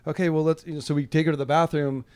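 A man's voice: fairly high pitch, flat delivery, rapid-fire, darkish tone, smooth. A man co-hosting a podcast, telling a story with jokes and laughter in casual banter. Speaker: podcast co-host.

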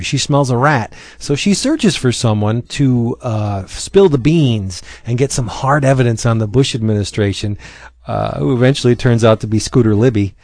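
A man's voice: medium pitch, dry recording. A man casually chatting as a podcast host, retelling a comic with many fillers and acting out its lines. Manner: animated storyteller, acts out lines with many fillers. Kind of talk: casual chat.

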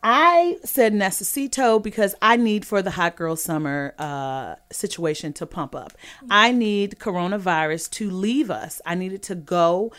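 A young woman hosts a laid-back podcast in a sassy, animated way. She laughs often and swings from loud, emphatic claims to quiet, confiding asides. Her voice sits at an ordinary middle pitch. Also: measured pace. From California. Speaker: podcast host. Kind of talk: casual podcast chat.

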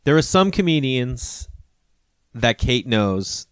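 A man's voice: mid-range voice, very animated, takes it slowly, smooth, no room sound. A man in his thirties or forties, a comedian hosting a podcast, chatting casually and rambling as he acts out the people he quotes. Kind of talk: casual conversation.

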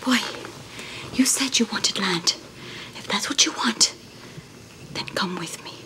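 An actress playing a spirited young Irish woman set on owning her own land, speaking in a breathy, half-whispered way in film dialogue. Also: mid-range voice, a little slow, natural voice, poor audio. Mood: urgent.

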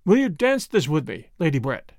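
A man's voice: fairly high pitch, very animated, moderate pace, a little mellow, no room sound, clean studio sound. A man playing an earnest, eager young man who talks directly.

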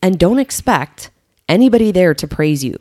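A woman's voice: lowish voice, big pitch swings, moderate pace, dark tone, no echo, clean studio sound. A woman co-hosting a podcast, giving earnest, encouraging advice in a casual coaching chat. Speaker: podcast co-host.

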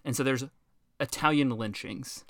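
A man co-hosting a casual history chat, animated and profane, who acts out the people he talks about. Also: medium pitch, normal speed, no room sound, studio quality.

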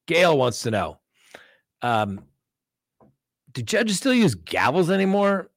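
Animated male defense attorney, dry sound. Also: medium pitch, no room sound. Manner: animated storytelling, acting out courtroom exchanges. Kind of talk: casual chat answering viewer questions.

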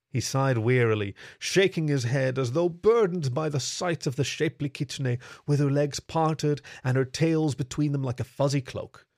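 A man reading a story aloud in steady, even scripted narration. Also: medium pitch, normal speed, few pauses, no room sound, clean studio sound.

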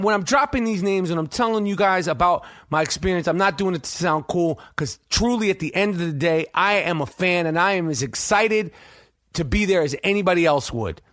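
A man hosting a podcast, telling a rambling, profane, excited story full of restarts. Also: high voice. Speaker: podcast host. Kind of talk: casual storytelling monologue.

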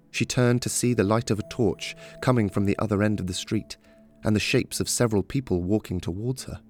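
A man narrating a fantasy story in a steady, measured reading. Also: lowish voice.

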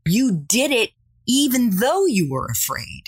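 A woman's voice: on the high side, very animated, unhurried, breathy edge, no echo. Enthusiastic woman podcast host, dry sound. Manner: enthusiastic, encouraging, acts out quoted voices. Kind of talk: casual interview chat.

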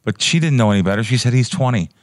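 A man's voice: medium pitch, expressive, rapid-fire. A man who is a professional sports bettor, telling a story on a podcast in a heated, emotional way with stammering restarts. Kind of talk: casual podcast chat.

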